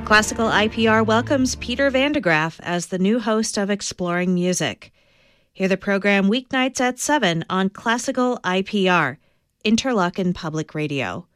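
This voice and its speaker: A woman's voice: mid-range voice, expressive, normal speed, a bit bright, dry recording, soft background music. Woman station announcer reading call letters, dry close mic. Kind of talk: station identification.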